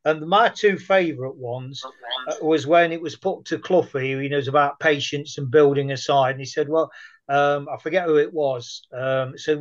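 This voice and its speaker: A man's voice: a little high, steady tone, normal speed. A man telling anecdotes in a casual conversation, chatty and rambling. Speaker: guest. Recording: muffled lo-fi audio.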